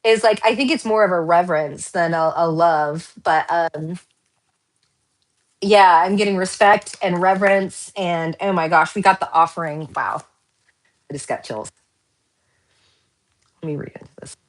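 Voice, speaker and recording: Woman, host of a tarot channel, loose and excitable delivery that wanders off on tangents. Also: fairly low pitch, a little slow, pauses often. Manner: rambling, excitable, laughs often, tangents. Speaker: tarot card reader. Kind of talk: casual pick-a-card tarot reading.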